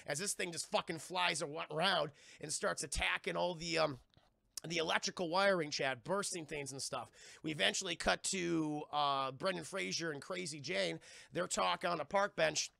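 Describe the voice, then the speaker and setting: A man casually recapping a TV episode for a live-stream chat, rambling and profane, slipping into quick character impressions. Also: on the high side, gravelly, sharp tone, no echo. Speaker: TV review streamer.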